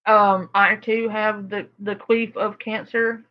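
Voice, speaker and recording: Slow-talking sarcastic woman reacting. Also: medium pitch, little pitch movement, lo-fi sound. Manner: sarcastic, laughing. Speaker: reaction video host. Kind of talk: casual reaction commentary.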